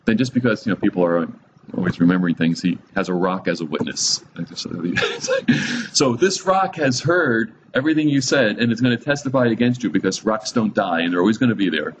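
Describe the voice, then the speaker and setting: A man leads a relaxed Bible teaching in a fairly low voice, mixing reading with quick jokes and frequent chuckles. He turns to his listeners with direct, searching questions. A faint hum of room noise sits behind him. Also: dull audio. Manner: chuckles often, humorous asides.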